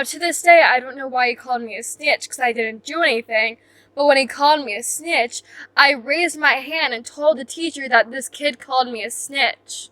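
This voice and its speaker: Young woman rambling thru a storytime, tons of "like"s, crisp bright voice. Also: high-pitched, dry recording. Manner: rambling, full of "like" fillers, self-mocking. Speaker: vlogger. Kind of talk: casual storytime chat.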